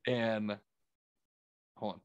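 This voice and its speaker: A man's voice: lowish voice, drawn-out words, clear, resonant tone, no room sound, dull audio. Casual profane st louis guy hosting a podcast, middle-aged, dry sound. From St. Louis area. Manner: profane, animated storyteller. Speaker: podcast host. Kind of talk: casual storytelling chat.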